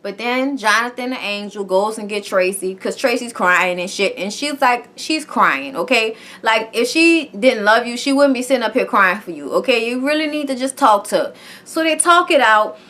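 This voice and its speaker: Brief: high, bright female vlogger, loose and profane in her TV recap. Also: lively intonation, normal speed. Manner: profane, chatty, tags lines with "okay?". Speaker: TV show reviewer. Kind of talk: casual reality-show recap.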